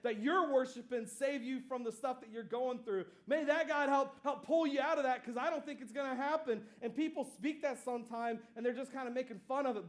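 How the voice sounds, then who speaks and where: A man preaching a sermon as lead pastor, telling stories in a casual, conversational way with asides. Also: extremely high pitch. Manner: animated storytelling, acting out scenes.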